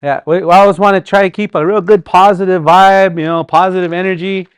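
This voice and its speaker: A man teaching a live language class, speaking slowly and repeating words with rhetorical questions. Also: high-pitched, fairly even intonation, smooth. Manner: slow, repetitive, with sounded-out words and rhetorical questions.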